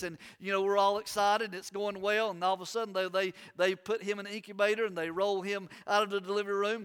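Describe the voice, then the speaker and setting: A middle-aged male pastor preaching with fervent, emphatic repetition. His voice is high, bright and clear, and it rings with a long church reverb. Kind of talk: sermon with opening prayer. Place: church sanctuary.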